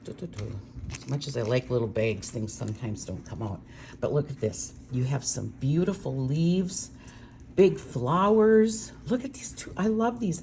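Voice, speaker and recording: An older woman from Minnesota, chatting warmly and gushing as she demonstrates card-making. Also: low-pitched, a little hiss or hum. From Minnesota, USA. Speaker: craft demonstrator.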